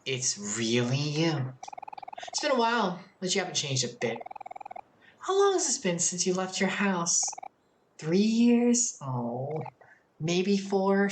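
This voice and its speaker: Young woman streamer, game commentary, lively pitch, slow pace. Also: reverberant, background noise. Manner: reactive and expressive, reads dialogue aloud.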